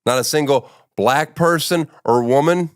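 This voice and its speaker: A man hosting a comedic interview with a deadpan, teasing manner. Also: fairly high pitch, unhurried, smooth. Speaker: talk show host.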